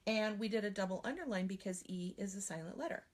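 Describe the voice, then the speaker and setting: A woman's voice: medium pitch, quick pace. Woman spelling trainer, patient and explanatory, mid-range voice, teaching demo. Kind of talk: teaching demonstration.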